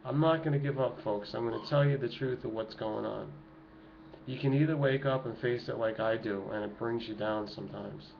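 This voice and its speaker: A man's voice: medium pitch, normal speed, gravelly. Impassioned middle-aged man ranting to camera. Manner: emotional, urgent, preachy. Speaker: activist vlogger. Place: home with children nearby. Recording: dull lo-fi home recording with noise.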